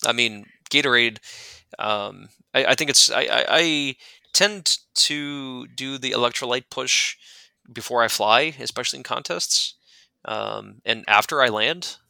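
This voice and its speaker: Gravelly rambling man, bright tone. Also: mid-range voice, unhurried, no echo. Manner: rambling, many fillers and restarts. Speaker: guest glider pilot. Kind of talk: casual interview chat.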